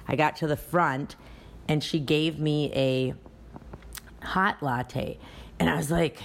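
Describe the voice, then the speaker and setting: A woman with a low voice talks through a podcast episode in a relaxed, chatty way. She tells stories from running her dance studio, often restarting her sentences as she goes. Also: measured pace, creaky. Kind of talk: casual podcast talk.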